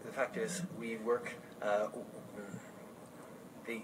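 A man's voice: fairly low pitch, flat delivery. Politician guy stumbling over words, far off, super noisy clip. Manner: halting, full of ums and restarts. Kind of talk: press conference answer. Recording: distant clip with loud background noise.

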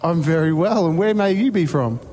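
A man's voice: fairly high pitch, animated, normal speed, darkish tone, soft background music. A man co-hosting live radio, playful and joking with lots of laughter. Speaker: radio co-host.

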